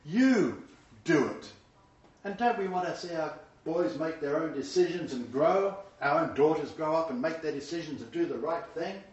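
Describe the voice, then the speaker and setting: A man's voice: fairly high pitch, normal speed, darkish tone. A man preaching a sermon to a small congregation, speaking emphatically and raising his voice when he quotes scripture. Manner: emphatic, builds to raised voice when quoting God. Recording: roomy echo, distant mic, dull sound.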